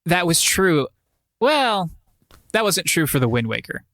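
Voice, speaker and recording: A man's voice: on the high side, sing-song, unhurried, a bit bright, no room sound, clean studio sound. A man co-hosting a gaming podcast in casual chat, joking and teasing his co-host.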